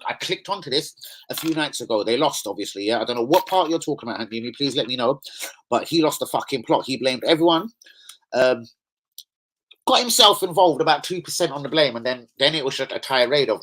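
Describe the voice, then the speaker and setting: A man chatting excitably as a football fan vlogger, full of slang and swearing. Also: mid-range voice, fairly quick, low-quality recording. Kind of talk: casual fan chat.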